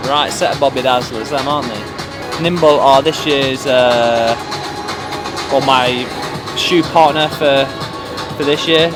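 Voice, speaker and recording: A man's voice: mid-range voice, takes it slowly. A man chats casually in a vlog, rambling and joking between fillers. Music plays under his voice. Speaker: pro cyclist vlogger. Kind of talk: casual chat.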